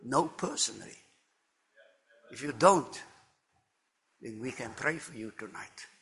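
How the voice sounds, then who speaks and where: A man's voice: mid-range voice, fairly bright tone, husky. An older man giving an earnest, emphatic testimony in a church service. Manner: earnest and emphatic, with slow deliberate phrasing. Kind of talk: sermon testimony.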